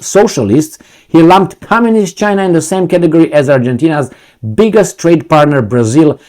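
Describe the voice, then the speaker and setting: A man's voice: a little high, darkish tone. A man reading a news article aloud and breaking off into combative, sarcastic commentary, often losing his words and restarting. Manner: combative, sarcastic, heated asides. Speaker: political commentator.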